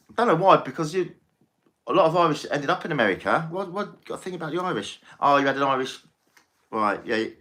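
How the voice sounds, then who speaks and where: Male tarot reader on a live stream; bright tone, chatty and soothing, says things twice. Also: mid-range voice. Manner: chatty, reassuring, repeats himself.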